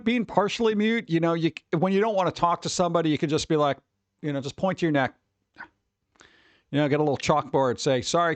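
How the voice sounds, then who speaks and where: A man's voice: on the high side, no echo. A tired man chatting casually on a livestream, rambling and sarcastic, reading chat messages aloud.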